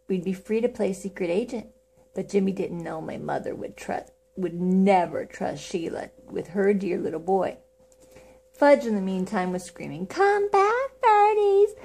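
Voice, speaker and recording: A woman's voice: medium pitch, gravelly, mellow, breathy edge. A woman reading a children's book aloud in a casual way, with small slips. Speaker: reader.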